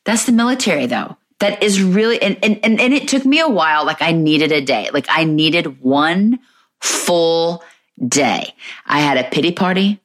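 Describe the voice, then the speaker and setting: A woman's voice: on the low side, expressive, normal speed, a bit bright. A woman in her thirties hosting a podcast, talking candidly in a chatty, self-mocking way. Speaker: podcast host. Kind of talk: casual monologue.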